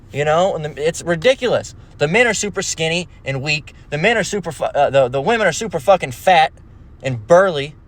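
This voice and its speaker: Scornful, profane preaching man. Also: on the high side. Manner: aggressive, scornful, mocks others in put-on voices. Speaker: religious video preacher. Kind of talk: profane religious rant.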